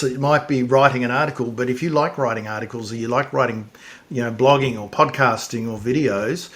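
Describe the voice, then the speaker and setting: A man's voice: medium pitch, a bit bright. Casual male podcast host. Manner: conversational, casual, frequent restarts. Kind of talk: podcast interview chat.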